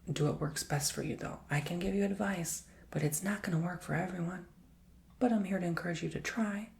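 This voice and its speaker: A man giving a soft-spoken ASMR tarot reading, gently encouraging the listener and slipping often into a whisper. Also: on the high side, gravelly, a little hiss or hum. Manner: affectionate, emotional cheering on the listener. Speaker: tarot reader and ASMR host.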